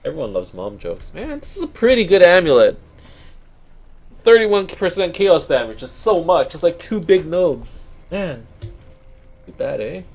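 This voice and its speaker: Lively Canadian man commenting on a game. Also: sits high, normal speed. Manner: chatty, thinks aloud, swears casually. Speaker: let's play host. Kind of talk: casual gameplay commentary.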